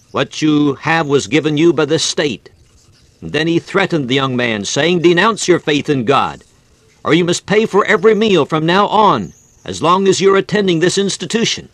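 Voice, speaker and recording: A man delivers a fervent sermon in an old-fashioned preaching cadence. His voice sits a little high for a man. The sound is dry and close, with no room echo. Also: a bit bright.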